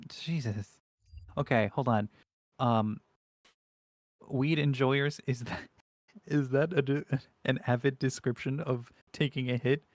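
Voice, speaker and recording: A man's voice: medium pitch, steady tone, slow, pauses often, no echo. A man co-hosting a casual commentary show, incredulous and mocking as he reacts. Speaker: co-host.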